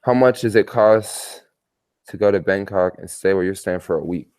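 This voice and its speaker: A man's voice: low-pitched, moderate pace, a little mellow, clean tone. A man chatting casually on a livestream from his hotel bedroom, telling stories in a rambling, slangy way. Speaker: travel vlogger.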